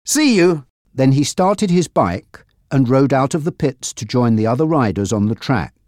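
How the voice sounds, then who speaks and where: A narrator reading a simple storybook in a clear, measured way. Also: mid-range voice, lively intonation, a little mellow, no room sound, clean studio sound. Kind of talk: graded-reader audiobook narration.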